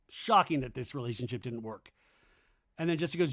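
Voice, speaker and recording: A man hosting a podcast, recapping a reality show in a comedic monologue and acting out the cast's lines in shrill, exaggerated voices. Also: fast.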